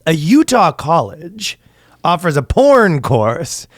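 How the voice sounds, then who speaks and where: A man's voice: fairly high pitch, very animated, slow pace, dry recording, studio quality. A man co-hosting a comedy podcast, riffing emphatically in casual banter and laughing often. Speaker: podcast co-host.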